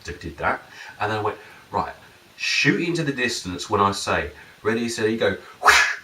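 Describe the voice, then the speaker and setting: A man's voice: on the low side, sing-song, a little fast. A man explaining his methods in a casual, rambling way, acting out the dialogue with his client in raised voices. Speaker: NLP and hypnosis practitioner. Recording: roomy echo, mic at a distance, faint noise.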